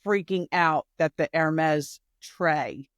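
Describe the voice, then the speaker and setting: A woman's voice: sits low, takes it slowly, dry recording, clean studio sound. A woman co-hosting a podcast who chats casually, rambling through asides and fillers. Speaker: podcast co-host. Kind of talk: casual chat.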